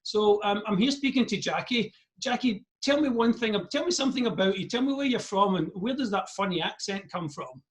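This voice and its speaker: A man's voice: sits high, expressive, a little fast, few pauses. A man with a Scottish accent, interviewing a guest remotely in a friendly, plain manner. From Scotland. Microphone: video call.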